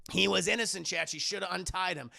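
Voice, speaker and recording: Gravelly, bright-voiced male streamer, profane and animated, acts out scenes for chat. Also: sits high, quick pace. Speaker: streamer film reviewer. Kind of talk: profane scene-by-scene film recap for live chat.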